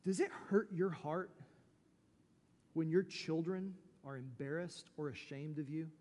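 A man's voice: fairly high pitch, measured pace, darkish tone. A man preaching a sermon as pastor, emphatic and full of rhetorical questions. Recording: long reverb from a large hall.

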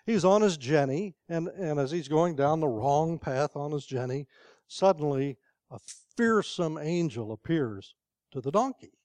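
A man's voice: a little high, lively intonation, measured pace, darkish tone, no room sound. An older man preaching a sermon in a conversational storytelling way, asking the congregation questions.

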